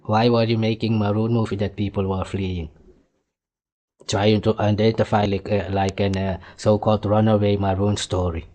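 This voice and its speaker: Mocking low-voiced man ranting. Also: little pitch movement, normal speed, warm tone. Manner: mocking, insulting, argumentative. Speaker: commentary host reacting to clips. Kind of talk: heated reaction commentary.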